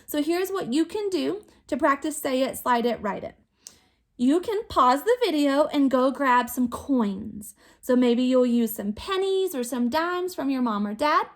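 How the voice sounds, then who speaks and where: A woman teacher recording a video phonics lesson for young children, sounding out words slowly and clearly. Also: sits high, expressive. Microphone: recorded to camera for remote students.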